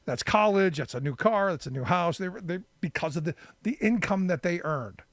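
A man's voice: high-pitched, expressive, normal speed, no room sound, clean studio sound. A man hosting a talk radio show, delivering a conversational, opinionated monologue full of restarts and repeated words.

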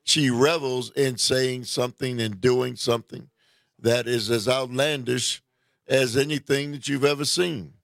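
A man giving an indignant political opinion monologue, deliberate and repeating himself as he restarts. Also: medium pitch, fairly even intonation, creaky, a bit bright, dry recording, clean studio sound. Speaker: political commentator. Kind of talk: reading a news report aloud.

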